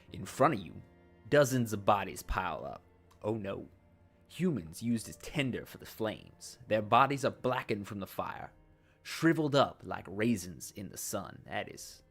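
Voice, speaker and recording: Speaking in a fairly bright voice on the low side, a man reads a text adventure game aloud. He puts on an accent for the dramatic narration and steps out of it for casual asides to his viewers.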